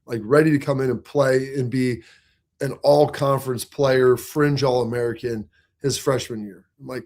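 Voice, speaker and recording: A man in his forties hosting a sports talk show, talking in an energetic, emphatic, conversational way. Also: mid-range voice, normal speed. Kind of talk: casual sports talk commentary.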